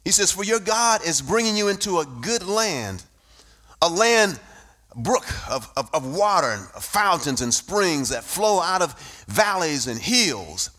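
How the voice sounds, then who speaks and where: Man, preacher, high voice, bright tone, rising sing-song shouts. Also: very animated, measured pace. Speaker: pastor. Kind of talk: sermon.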